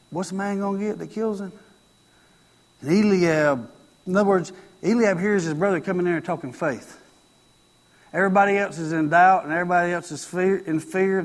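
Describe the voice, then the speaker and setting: High-voiced man preaching in a reverberant hall. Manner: storytelling, acts out quoted lines, repeats phrases. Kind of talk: sermon.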